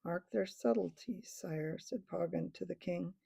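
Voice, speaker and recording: A woman voicing a gruff, loyal male dwarf who speaks low and gravely in a storybook reading. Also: measured pace, warm tone, full character voice. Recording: dull lo-fi recording.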